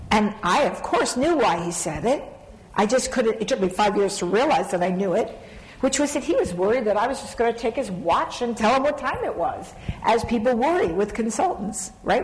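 Woman, middle-aged, self-mocking storyteller, fairly high voice, echoing hall. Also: normal speed. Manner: animated, self-mocking, laughs through her story. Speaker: panel speaker. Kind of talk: storytelling on a panel. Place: large conference hall. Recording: hall reverb, faint background noise.

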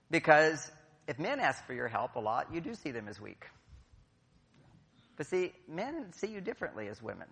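A man's voice: on the high side, gravelly, fairly bright tone. A middle-aged man giving a playful, jokey talk to a live audience, acting out quotes as he goes. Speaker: speaker at a conference. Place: large hall. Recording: long hall reverb.

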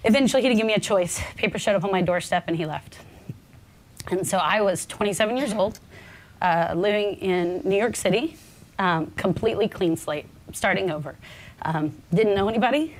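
A woman in her forties telling a personal story on a panel, earnest and halting, her voice shaking with nerves. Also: medium pitch. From American South. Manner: halting, many restarts, earnest. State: nervous, voice shaking. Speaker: panel speaker.

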